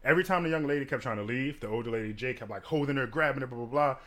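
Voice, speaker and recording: A man and bartender telling stories in a casual chat, animated and profane, acting out what others said. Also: medium pitch, very fast. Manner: animated, profane, acts out quotes with big swings. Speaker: podcast co-host and bartender.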